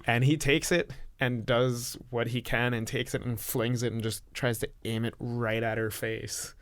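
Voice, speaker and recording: A man narrating his character's actions in a tabletop role-playing game in a measured, descriptive way. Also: mid-range voice, little pitch movement, no echo. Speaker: game player.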